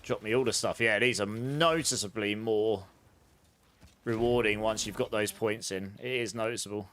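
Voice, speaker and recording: A man's voice: fairly low pitch, fairly even intonation, normal speed, a bit bright, slight background noise. Chatty man streaming a game. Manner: chatty, rambling anecdotes with laughs. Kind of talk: casual chat while gaming, answering chat.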